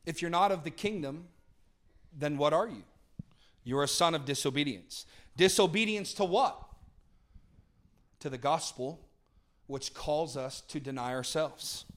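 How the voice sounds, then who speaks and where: High-voiced man preaching with sudden swings. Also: lively intonation, measured pace, long pauses. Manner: dynamic, swings from booming to hushed; talks with the congregation, asks for responses. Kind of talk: sermon.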